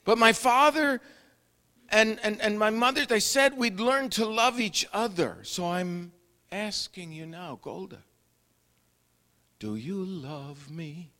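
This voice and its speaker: A man's voice: high-pitched, a little slow, sharp tone, big-room sound, pitched above the performer's own voice, heavily acted. A man voicing an anxious older husband who keeps pleading for a straight answer. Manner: insistent, pleading.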